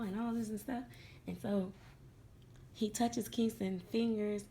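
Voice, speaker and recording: A woman's voice: medium pitch, steady tone, normal speed, vocal fry, mellow, a little hiss or hum. A middle-aged woman chatting casually to her viewers, telling a funny story about her dolls and laughing along as she acts out what others said. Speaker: doll collector vlogger.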